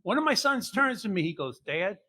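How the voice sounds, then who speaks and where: An older man hosting a show, telling comic family stories with deadpan punchlines and acting out what his relatives said. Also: high-pitched, fairly quick. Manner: deadpan punchlines, acts out quoted family members. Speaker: podcast host. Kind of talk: comic storytelling.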